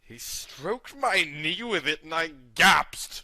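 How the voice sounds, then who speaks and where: A man giving a mock-dramatic comic reading of fan fiction, over the top with sudden loud outbursts. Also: on the high side, lively intonation, slow, no echo. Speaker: comedy reader.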